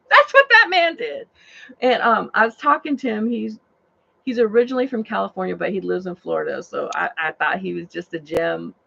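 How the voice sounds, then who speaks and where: A woman's voice: medium pitch, brisk, creaky, husky. A woman and rideshare driver, animatedly telling a story from her car, says "like" and "oh my God" constantly. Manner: excitable, says "like" and "oh my God" a lot. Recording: dull lo-fi sound.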